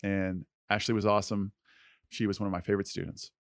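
A man's voice: lowish voice, flat delivery, fast talker, creaky, no room sound, clean studio sound. A man co-hosting a podcast, telling a personal story in an earnest, conversational way with lots of filler words. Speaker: podcast co-host.

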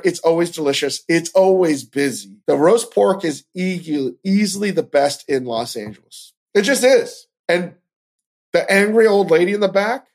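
A man hosts a podcast and rants in casual commentary. He swears constantly and flares into animated outbursts. His pitch swoops widely as he talks. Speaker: podcast host.

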